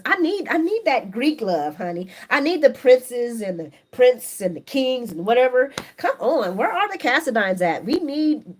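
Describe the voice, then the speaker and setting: A woman hosting a casual live stream, reading viewer comments aloud and giving her chatty, opinionated take. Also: fairly high pitch. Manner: chatty and opinionated, animated, laughs often. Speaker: soap opera recap host on a live stream.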